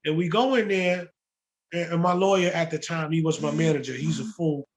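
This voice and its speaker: High-voiced New man telling stories. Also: brisk, slight background noise. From the Bronx, New York. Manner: profane, animated, slangy storytelling. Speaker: guest music producer. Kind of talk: casual storytelling interview.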